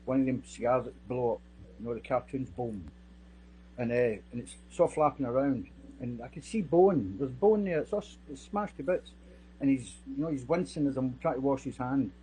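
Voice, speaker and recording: A middle-aged man, a security guard giving witness testimony in a voice of ordinary pitch. He tells his account haltingly, repeating words and restarting phrases. A faint hum sits under the recording. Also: dark tone, poor audio. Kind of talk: sworn witness testimony, recounting events.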